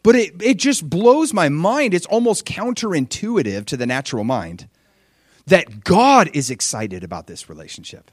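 A young adult man preaching a sermon with animated storytelling, acting out the voices of people in his stories. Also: a little high, moderate pace, no room sound, studio quality.

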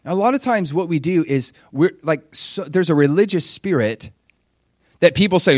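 A man preaching a sermon in an animated way, acting out dialogue with sudden high-pitched exclamations. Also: moderate pace, dry recording, clean studio sound.

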